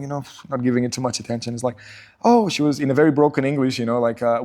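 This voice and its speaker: Middle-aged guy from portugal, quick chatty storyteller, does voices for the people in his stories. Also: medium pitch. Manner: animated storyteller, acts out quotes in raised voices. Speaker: podcast guest. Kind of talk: casual storytelling interview.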